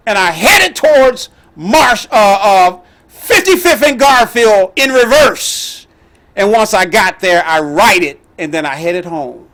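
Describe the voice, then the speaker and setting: A middle-aged man telling a personal story as the host, animated and emphatic. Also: high voice, slow. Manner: animated, emphatic, with laughs and outbursts.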